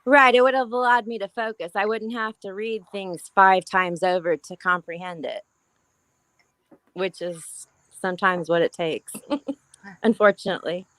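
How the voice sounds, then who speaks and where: A woman in her late forties with a high, youthful-sounding voice and a giggly laugh, chatting casually as a guest. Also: unhurried, fairly bright tone, no room sound, rough recording. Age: late 40s. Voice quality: high giggly voice, compared to a cartoon cavewoman. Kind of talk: casual chat.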